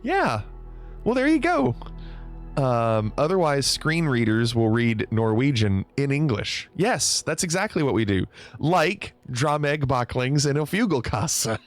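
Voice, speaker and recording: Man, lively swinging pitch, playful teasing streamer, casual chat, faint music behind. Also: a little slow. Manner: playful, teasing, laughs often. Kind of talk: casual livestream chat reading viewer comments.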